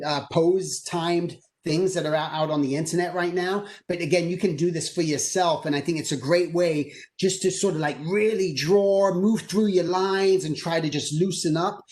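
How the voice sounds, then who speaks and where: A man giving a conversational career talk to students over a video call, energetic and acting out quoted dialogue. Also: fairly high pitch. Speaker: guest presenter.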